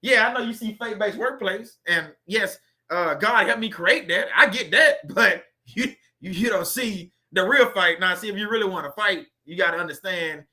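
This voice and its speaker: Man, high voice, sharp and forceful, preachy motivational monologue. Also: normal speed, hardly any pauses. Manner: emphatic, repetitive, with rhetorical questions. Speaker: faith-based video host.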